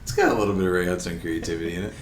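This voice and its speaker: A man's voice: sits low, rapid-fire, distant mic. A man co-hosting a podcast in casual chat, with short, playful reactions. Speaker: podcast co-host. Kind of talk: casual chat, quiz game. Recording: echoey room with background noise.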